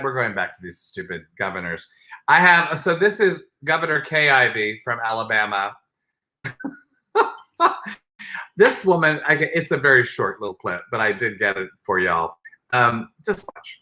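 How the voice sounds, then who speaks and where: A man co-hosting a podcast, chatting casually with animated, sarcastic asides and frequent laughs. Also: mid-range voice, normal speed. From United States. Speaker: podcast co-host. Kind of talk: casual chat.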